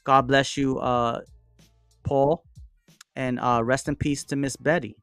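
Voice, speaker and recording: A man's voice: medium pitch, slow, clear, resonant tone, no room sound, soft background music. Chatty man hosting a live stream. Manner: reads out and answers viewers' chat comments; relaxed, chatty, with frequent fillers and shout-outs. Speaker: livestream host. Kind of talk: casual livestream chat.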